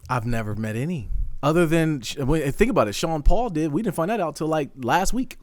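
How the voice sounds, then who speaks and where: A man co-hosting a podcast in casual chat, animated and quick to laugh. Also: fairly high pitch, dry recording, clean studio sound. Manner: fast, animated, laughing often. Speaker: podcast co-host.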